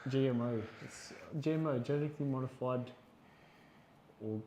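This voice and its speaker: Casting note: male podcast co-host, lively storyteller who acts out quotes, faint hiss behind. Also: medium pitch, moderate pace. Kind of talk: casual chat.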